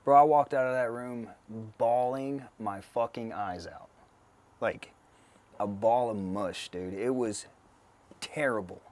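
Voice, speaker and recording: A man's voice: medium pitch, slow, darkish tone. Blunt, profane man telling stories. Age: 30s. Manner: blunt, profane, laughing storyteller. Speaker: podcast guest, soldier. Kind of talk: casual storytelling.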